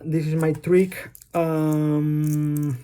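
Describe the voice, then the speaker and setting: A man's voice: a little high, level tone, drawn-out words, mellow, clean tone. Hesitant man with a Spanish accent. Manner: hesitant, many fillers, loses his thread. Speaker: vlogger. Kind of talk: rambling personal monologue. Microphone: phone.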